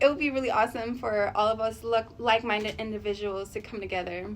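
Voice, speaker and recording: A woman vlogging in a chatty, rambling way, thinking out loud about her goals and sharing that she is emotional and sensitive. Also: fairly high pitch, steady tone, a little fast, hardly any pauses, slight background noise. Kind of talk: casual motivational vlog talk.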